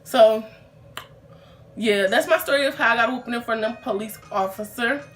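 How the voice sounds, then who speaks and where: A woman's voice: on the high side, a little fast, a bit bright, soft background music. A young woman telling a casual storytime vlog in a chatty, rambling way, full of fillers and restarts.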